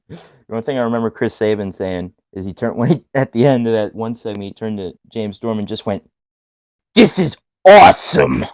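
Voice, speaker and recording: A young man co-hosting a casual podcast, teasing and joking in quick banter. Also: on the low side, fairly even intonation, mellow, no room sound. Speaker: podcast co-host. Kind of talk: casual chat.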